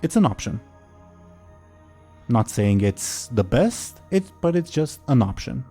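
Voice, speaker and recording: A man's voice: mid-range voice, big pitch swings, takes it slowly, warm tone, breathy edge, faint music behind. A man running a tabletop role-playing game as game master, narrating in a laid-back, hesitant way.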